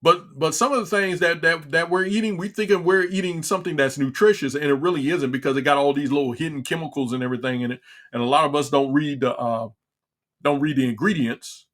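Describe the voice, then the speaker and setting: A middle-aged man holds forth on his livestream in a casual, exasperated rant. He keeps circling back and restarting his sentences, and his voice sits a little higher than most men's. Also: fast talker, a bit bright. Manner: frustrated, repetitive, stumbling restarts. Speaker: livestream talk show host. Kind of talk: casual ranting commentary.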